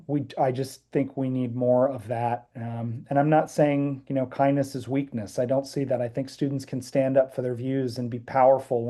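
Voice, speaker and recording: Earnest, halting man with a dark voice. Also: mid-range voice. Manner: earnest, halting, many restarts. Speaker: high school band director, guest. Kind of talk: reflective interview answers.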